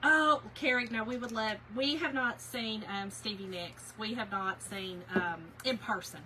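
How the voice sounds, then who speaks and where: A woman with a fairly high, bright, pushed voice leads a casual craft tutorial on a livestream at a measured pace. She greets viewers by name and fills her talk with fillers, over slight background noise in a low-quality recording.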